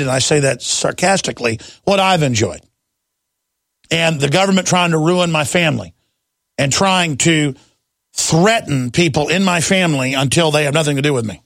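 A gravelly, slightly higher-voiced man hosting a talk radio show, ranting emphatically and with indignation at his listeners. The sound is dry and close on a studio microphone, with no room around it. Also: lively intonation, normal speed, fairly bright tone, no echo. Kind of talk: opinionated talk radio monologue.

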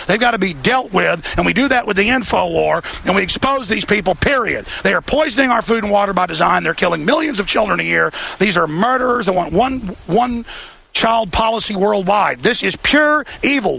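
A man's voice: high voice, gravelly, bright, forceful tone, breathy edge. A man hosting a political broadcast, ranting urgently and repeating himself. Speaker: show host. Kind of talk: heated political broadcast rant.

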